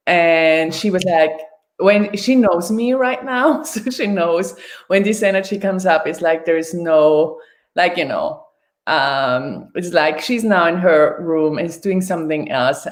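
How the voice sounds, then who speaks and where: A woman in her thirties answering as an interview guest, easygoing and quick to laugh. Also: lowish voice. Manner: laughing, relaxed. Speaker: interview guest, business facilitator. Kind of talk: casual interview chat.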